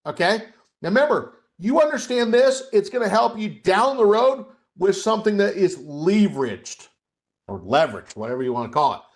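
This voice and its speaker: A man's voice: high-pitched, sing-song, brisk. Conversational male trading coach. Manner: conversational, asks the audience questions and checks in with "okay?". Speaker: trading coach hosting a webcast. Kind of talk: live teaching webcast.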